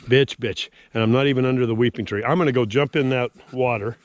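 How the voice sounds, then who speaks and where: In a casual vlog he shoots himself with a handheld action camera, an older man tours his lakeside yard outdoors, rambling in a grumbly, folksy manner. His mid-range voice is fast with fairly even intonation, and the recording has no room sound.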